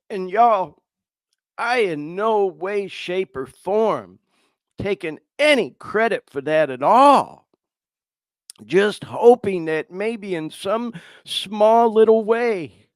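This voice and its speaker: A man's voice: high voice, animated, takes it slowly, no echo. Choked-up man hosting. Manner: choked up, swearing, addresses listeners as y'all. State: fighting back tears. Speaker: podcast host. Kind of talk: emotional live podcast talk.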